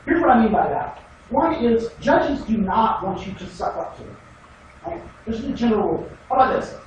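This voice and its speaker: A man's voice: high-pitched, very animated, brisk, highs cut off. A man giving a casual classroom lecture on debate, wry and sarcastic, sometimes mocking students in put-on voices. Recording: echoey room from far off, noisy.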